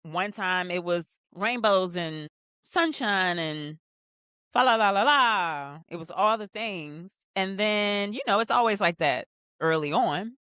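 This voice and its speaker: A woman hosting a rewatch show, recapping a TV episode in casual commentary and acting out the characters' lines, sometimes jumping into high excited bursts. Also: takes it slowly, dry recording, clean studio sound. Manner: animated, acts out scenes in quoted voices. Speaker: rewatch podcast host.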